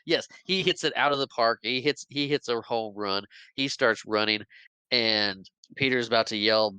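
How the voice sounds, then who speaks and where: A man's voice: medium pitch, normal speed, smooth, no echo. A man hosting a podcast, casually retelling a movie plot, acting out characters' lines and laughing often. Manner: animated retelling, acts out quotes, laughs often. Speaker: podcast host. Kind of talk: casual movie recap chat.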